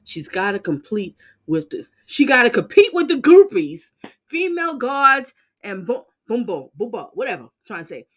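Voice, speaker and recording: A woman host giving casual reaction commentary, sassy and blunt. Her voice swoops up and down constantly and lively. She exclaims often and talks straight to her viewers. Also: fairly high pitch, moderate pace. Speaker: channel host reacting to court clips.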